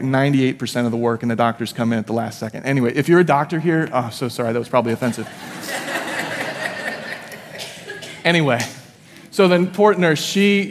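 Guy in his 30s preaching, chatty storyteller vibe, mid pitch, long church-hall echo. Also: a little hiss or hum. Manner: conversational, vivid storyteller with fillers and self-deprecating asides. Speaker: pastor. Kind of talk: sermon with personal storytelling. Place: church sanctuary.

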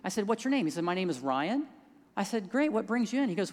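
A man's voice: high-pitched, sing-song, fast. Man preaching in a reverberant hall. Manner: drops to hushed tones in quiet moments, rises when stressing points. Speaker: pastor. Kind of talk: sermon storytelling.

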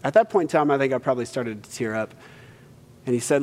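A pastor telling a story in a sermon, acting out quotes and swinging from hushed to loud. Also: male voice, mid-range voice, fast talker. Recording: church hall reverb.

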